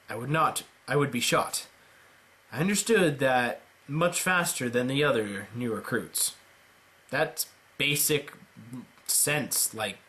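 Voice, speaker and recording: A man reading a visual novel aloud dramatically, with deadpan joking asides. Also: mid-range voice. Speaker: let's player.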